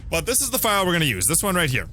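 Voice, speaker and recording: His pitch sits fairly high and swoops wildly, with a pushed, bright quality, as this streamer talks casually to his chat from a room at home. Fed up with broken equipment, he swears and his energy changes fast. Slight background noise accompanies a far-off, glitchy mic that renders him distorted and robotic.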